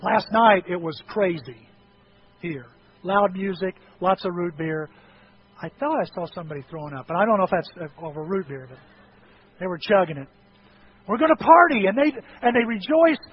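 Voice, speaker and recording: A middle-aged male pastor preaching a sermon, telling stories and acting out voices, swinging from loud outbursts to hushed tones. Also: high voice, moderate pace. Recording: dull lo-fi recording with faint noise.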